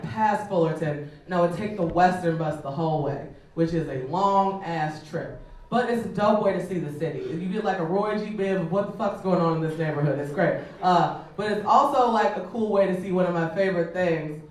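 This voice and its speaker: Fairly low in pitch, a female stand-up comedian from Chicago works through her set on a comedy club stage. Expect swearing, lots of fillers, and an animated, conversational delivery, all caught on a distant mic in an echoey club.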